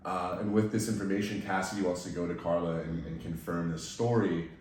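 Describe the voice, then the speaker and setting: A young man with a very low voice hosts a casual podcast chat, recounting events in a steady, detailed way. He sits some distance from the mic in a strongly echoing room, with faint noise behind him. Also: a little fast. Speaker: podcast host. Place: indoor room, in person with guests.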